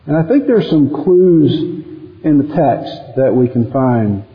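A male pastor preaching a sermon in an animated way, acting out quoted prayers as he goes. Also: slow, reverberant, long reverb tail, highs cut off. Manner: animated, acts out quoted prayers with sudden rises in pitch.

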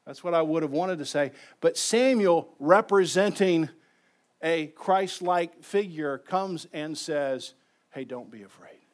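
A man delivers a sermon from the pulpit of a church. His voice sits somewhat high for a man, and he drops to near hushes before rising to emphatic declarations. He draws his congregation in, asking them to repeat lines with him. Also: takes it slowly. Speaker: pastor. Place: church sanctuary.

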